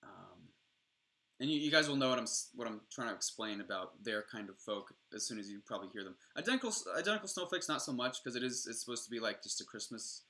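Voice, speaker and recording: Man, young adult, streamer, casual rambling chat, enthusiastic, profane, bright voice. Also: mid-range voice.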